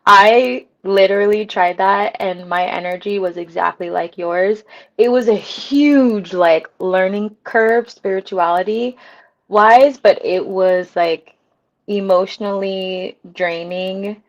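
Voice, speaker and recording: Slow-talking woman live-streaming, lo-fi. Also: mid-range voice. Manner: laughs often, drawn-out reactions, many ums. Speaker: livestream host. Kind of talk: casual live chat reading comments.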